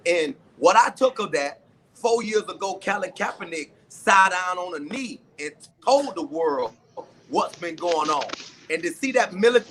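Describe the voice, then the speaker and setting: A man speaks in an impassioned panel discussion, rising into a preaching cadence. His voice is fairly high and bright. A faint background noise sits under him. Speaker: panel guest.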